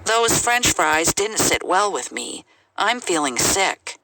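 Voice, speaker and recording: A woman reading English example sentences aloud in a clear, measured way for a language lesson. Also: fairly low pitch, very animated. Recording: noisy recording.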